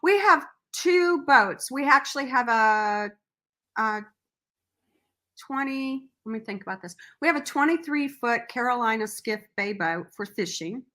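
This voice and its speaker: A middle-aged woman telling a personal story as an interview guest, earnest and animated, acting out what people said. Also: fairly high pitch, a little slow. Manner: earnest, animated storyteller who acts out quotes. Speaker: podcast guest, nonprofit founder.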